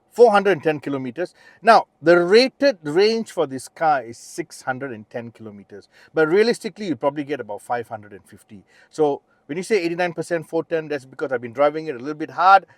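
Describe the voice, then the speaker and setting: A man's voice: on the high side, dry recording. Chatty Malaysian man reviewing a car. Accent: Malaysian English. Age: middle-aged. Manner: chatty, enthusiastic, with frequent fillers and restarts. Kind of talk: casual test-drive review. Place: inside a car.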